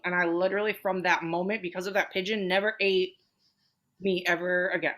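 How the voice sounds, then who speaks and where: A woman's voice: mid-range voice, steady tone, fairly quick, a bit bright. A woman with a Detroit accent, co-hosting a podcast, talking bluntly in casual chat, full of "like" and swearing. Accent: Detroit, Michigan. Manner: blunt, heavy "like" filler, swearing. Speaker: podcast co-host.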